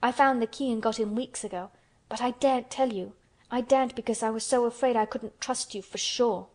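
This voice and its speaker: A woman's voice: on the high side, fairly even intonation, brisk, a little mellow, natural voice. A woman voicing Mary, a blunt solemn girl. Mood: earnest. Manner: frank and earnest. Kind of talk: storybook character voice.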